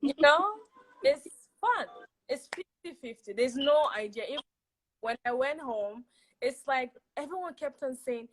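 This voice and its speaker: Lively woman on a video call. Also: high-pitched, measured pace, low-quality recording. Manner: animated, laughing, emphatic repetition. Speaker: guest. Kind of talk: casual chat on a video call.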